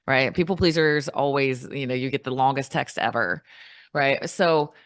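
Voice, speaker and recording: A woman, a coach and podcast guest, talking in a casual interview and acting out quoted replies in a brighter voice. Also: moderate pace, no echo, clean studio sound. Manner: animated, acts out quoted replies in a higher voice.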